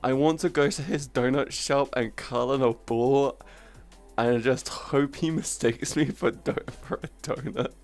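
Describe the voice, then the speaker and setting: A woman's voice: very deep voice, fairly even intonation, a little slow, darkish tone, faint music behind. A woman streamer in casual livestream chat who laughs often and swears freely as she teases her friends.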